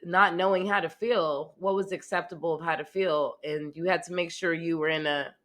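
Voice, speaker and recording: Female interview guest, slightly low pitch, candid, halting and searching. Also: steady tone, a bit bright. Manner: halting, searching for words, laughs often.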